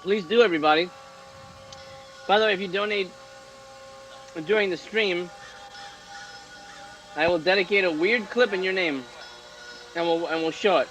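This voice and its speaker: Brief: bright, animated man streamer, high voice, swearing in disbelief at a movie. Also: moderate pace, long pauses, soft background music, low-quality recording. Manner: incredulous, profane, laughing often. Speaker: streamer hosting a movie watch party. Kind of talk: live stream reaction commentary.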